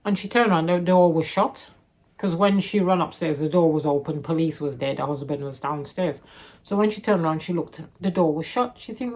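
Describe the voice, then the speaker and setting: Low-pitched woman vlogger reviewing books off the cuff, meandering and backtracking. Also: fairly quick, a little mellow. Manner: rambling, self-correcting, retells the plot loosely. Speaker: book reviewer. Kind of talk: casual book review chat.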